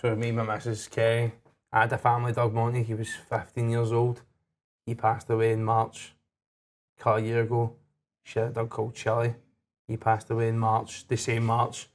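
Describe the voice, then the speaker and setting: A man's voice: mid-range voice, monotone, normal speed, slight background noise. A Scottish man co-hosting a casual podcast chat over whisky in a lounge, telling a story plainly. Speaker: podcast co-host.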